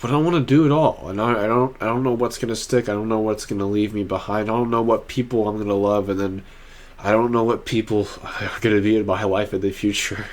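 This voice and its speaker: A man's voice: fairly low pitch, steady tone, fast. A young man talking to camera in a personal vlog, rambling and restarting often, earnest and emotional. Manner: earnest and heartfelt. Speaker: vlogger.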